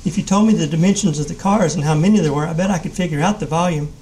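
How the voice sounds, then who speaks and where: A man's voice: fairly high pitch, rapid-fire, a little mellow, slight background noise, lightly acted. A man reading aloud and voicing an anxious young schoolboy who pleads in a raised voice. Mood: pleading. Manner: pleading, rising voice.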